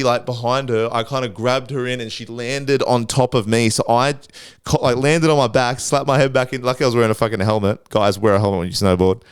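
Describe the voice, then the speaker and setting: A man's voice: mid-range voice, smooth, dry recording, studio quality. A young man telling a rambling, swear-filled story on his solo podcast, acting out his own panicked noises. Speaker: podcast host.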